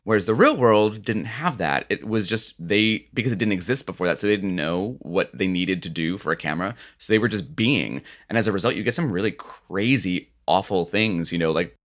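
A man's voice: low-pitched, expressive, brisk, hardly any pauses, a bit bright. A man in his thirties co-hosting a podcast in casual chat, rambling with many restarts and "you know"s. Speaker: podcast co-host.

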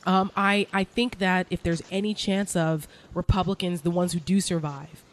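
A woman hosting a casual political talk, sarcastic and quick to laugh. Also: fairly low pitch, fairly even intonation. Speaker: host.

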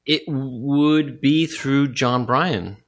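A man, a guest filmmaker, talking in a relaxed, hesitant way with many fillers. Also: mid-range voice, drawn-out words. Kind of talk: casual conversation.

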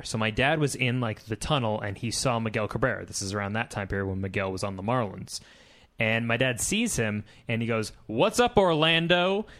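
Man, podcast co-host, easygoing anecdote, lots of fillers. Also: medium pitch. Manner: relaxed, filler-heavy, laughs between lines. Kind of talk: casual storytelling chat.

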